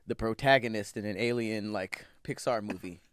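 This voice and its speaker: A man's voice: on the low side, moderate pace, smooth, no room sound, studio quality. A man co-hosting a casual podcast, chatting loosely and reading facts aloud between jokes. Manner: laid-back, reads facts aloud between banter. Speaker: podcast co-host. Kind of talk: casual chat.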